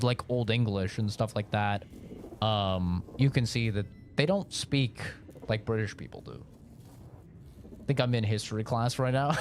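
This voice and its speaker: A man's voice: medium pitch, slight background noise. An American man chatting casually on a live stream, rambling and joking with lots of swearing.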